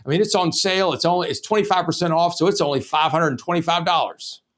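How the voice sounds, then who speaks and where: A man voicing an eager young store clerk in a story, pitching with pushy, salesy enthusiasm. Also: wildly swooping pitch, rapid-fire, fairly bright tone, slightly rough, heavily acted.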